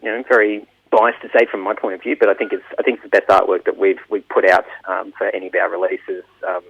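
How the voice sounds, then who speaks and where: A man with an Australian accent, chatting casually in an interview as a band's bass player, rambling and self-mocking as he acts out studio exchanges. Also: little pitch movement, fast talker, vocal fry, husky, highs cut off. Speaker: band bass player, guest.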